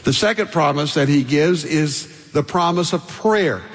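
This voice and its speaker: A man's voice: on the high side, measured pace, long reverb tail. An older man preaching a sermon as pastor, emphatic, building through repeated lists and stressed phrases.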